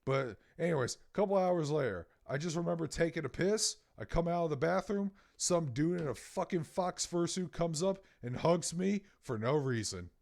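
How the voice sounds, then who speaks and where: A man in his thirties from Louisiana, a podcast co-host telling an animated, profane story in casual chat. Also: a little high, normal speed, gravelly, few pauses.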